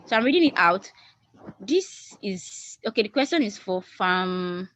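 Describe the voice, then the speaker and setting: A woman's voice: mid-range voice, big pitch swings, unhurried, a bit bright, no room sound. A woman moderating a video call Q&A, reading questions aloud with hesitant restarts. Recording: dull lo-fi video call audio.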